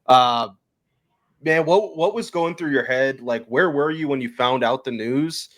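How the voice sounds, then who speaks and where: A man's voice: mid-range voice, measured pace, a bit bright. A man hosts a casual hockey podcast in an ordinary mid-range voice. He asks his questions in a chatty, rambling way, stacking up fillers and restarts as he goes. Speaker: podcast host.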